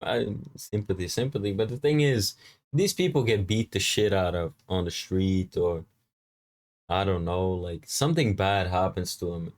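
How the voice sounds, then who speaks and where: A man with a somewhat low voice rants casually at his viewers. He swears freely and laughs between points, talking like he's chatting with a friend. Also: a little slow, a little mellow. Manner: profane, laughing, addresses viewer as bro. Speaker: commentator. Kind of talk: casual ranting commentary.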